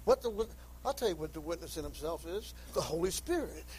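Expressive and a little fast, this preacher delivers an impassioned sermon, reading King James scripture aloud, crying out to sinners, and climbing to high shouts. The recording quality is poor.

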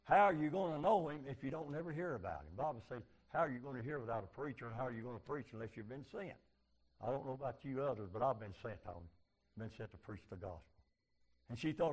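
A man preaching a sermon in folksy, fervent speech, swinging from loud cries to low, quiet passages. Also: animated, fast talker. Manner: fervent, rising to loud shouts and dropping low.

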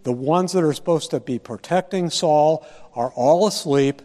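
A man teaching a Bible study lecture, deliberate and posing rhetorical questions to his listeners. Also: a little high, mellow, long reverb tail.

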